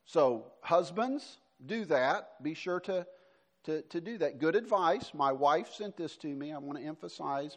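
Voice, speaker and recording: Brief: male pastor, middle-aged, higher voice with a very lively, animated pitch, sermon delivery that swings emphatic to hushed. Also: moderate pace.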